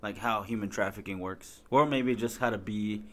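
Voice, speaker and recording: A man's voice: fairly low pitch, moderate pace, a bit bright. A man co-hosting a podcast, chatting casually with dry joking asides. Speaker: podcast co-host. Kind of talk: casual banter.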